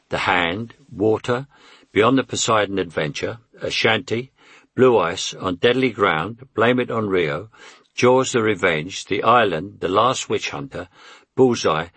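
A man's voice: on the low side, fairly bright tone, breathy edge, no room sound. A man in his eighties with a London Cockney accent, reading his memoir in a wry, conversational way. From England. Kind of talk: audiobook memoir narration.

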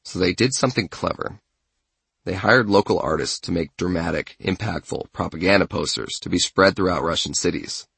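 Low gravelly male narrator, dry close sound. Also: fairly bright tone, dry recording. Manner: measured essay narration. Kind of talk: scripted narration.

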